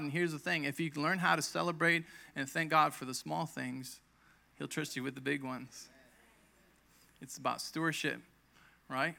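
A man's voice: fairly high pitch, steady tone, normal speed, gravelly, pushed and bright. A man in his thirties preaching a conversational sermon, telling his own healing story and acting out quoted lines with emphasis. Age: 30s. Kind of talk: sermon with personal testimony.

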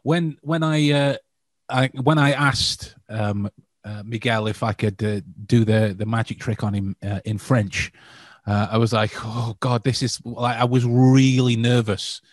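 A man's voice: lowish voice, a little slow, dry recording. A man being interviewed, talking in a hesitant way with many restarts and frequent laughter. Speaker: guest. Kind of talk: casual interview chat.

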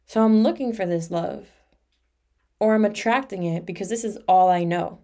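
A woman's voice: medium pitch, normal speed, mellow. A young adult woman hosting her own podcast, speaking in a candid, emotional confessional monologue full of "like" and casual swearing. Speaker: podcast host.

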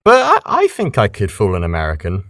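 British male voice actor, low-pitched and very animated, dry close sound, casual interview. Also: a little fast, dry recording. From Britain. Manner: lively, chatty, animated explaining. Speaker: voice actor guest.

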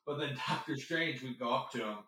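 Man, casual storytelling, animated, bright tone, echoey room, faint noise. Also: mid-range voice, a little fast, far from the mic. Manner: animated, laughs often, acts out quoted voices. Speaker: podcast co-host.

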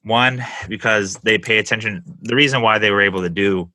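Podcast host guy, real low voice but sharp, dry sound, keeps restarting mid-sentence. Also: dry recording. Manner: enthusiastic, halting, restarts often. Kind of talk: casual conversation.

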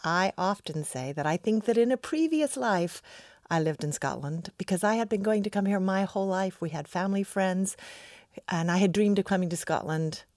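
A woman's voice: mid-range voice, animated, normal speed, darkish tone, no room sound, studio quality. A woman with an American accent, a scientist guest telling stories enthusiastically in a podcast interview. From United States.

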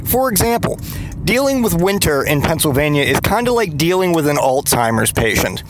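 A man's voice: a little high, sing-song, moderate pace, a little hiss or hum. Profane, rambling man ranting on a podcast. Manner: profane, sarcastic rambling rant; frequent restarts and trailing asides. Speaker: podcast host. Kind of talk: casual comedic monologue.

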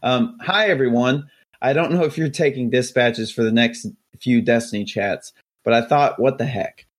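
A chatty fan reading his own letter in a thick, salty Boston Southie accent, as a podcast host puts him on. The voice sits at an ordinary middle pitch and runs along at an easy reading pace. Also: moderate pace, lightly acted. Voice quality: exaggerated salty Southie drawl. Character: listener writing in, read aloud, adult man. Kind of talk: reading a listener letter aloud.

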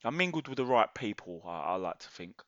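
A man's voice: lowish voice, sing-song, fairly quick, fairly bright tone, dry recording, lo-fi sound. A Cockney man co-hosting a podcast, wry and self-mocking in easy chat. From East London, England. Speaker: podcast co-host.

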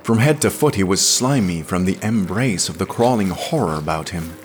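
A man narrating a story in a slow, measured, hushed dramatic reading. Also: low-pitched, expressive, soft background music. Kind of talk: dramatic audiobook reading of pulp science fiction.

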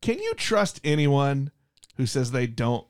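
A man's voice: mid-range voice, huge pitch swings, takes it slowly. A man hosting a casual interview, asking playful questions with frequent restarts. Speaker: host.

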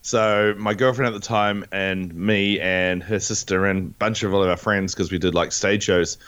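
A young man with a New Zealand accent, chatting casually as a podcast co-host and telling a story with lively put-on voices. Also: normal speed, clear, resonant tone, dull audio. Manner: animated storyteller, jumps into high put-on voices. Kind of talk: casual chat.

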